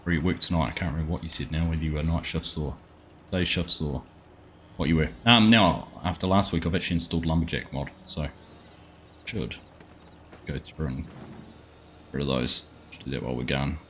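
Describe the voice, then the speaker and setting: A man's voice: extremely low pitch, a little fast, pauses often, fairly bright tone, slight background noise. A man with an Australian accent, chatting casually with viewers as a live game streamer and greeting them by name. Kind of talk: casual live-stream chat while playing.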